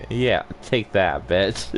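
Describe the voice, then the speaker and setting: A man's voice: on the low side, slight background noise. A young man streaming a game and bantering playfully with a friend, teasing and laughing often. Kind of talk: casual banter while gaming.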